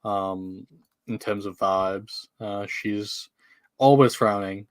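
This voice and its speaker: A tired man playing a tabletop game over a video call, speaking in a flat monotone. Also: fairly low pitch, slow pace, no echo. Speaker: player. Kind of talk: casual play at the table.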